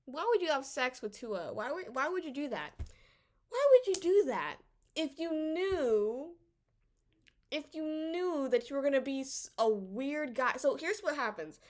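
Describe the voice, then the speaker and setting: A woman vlogger comments casually on a drama series in a high voice at a measured pace. She's animated, rambling, and exasperated, often stammering and starting her sentences over.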